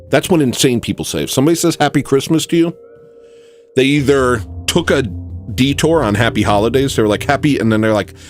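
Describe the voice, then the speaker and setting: Man, comic satirist, mock-earnest rambling delivery, very lively pitch that leaps up and drops away, faint music underneath. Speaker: satirical monologue performer. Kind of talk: satirical comedy monologue.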